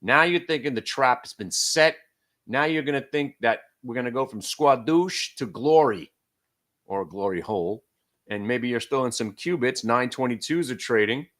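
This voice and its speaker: A middle-aged man giving brash, joking live commentary as host of a day trading stream, his voice rising and falling in loudness as he gets excited. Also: medium pitch, moderate pace.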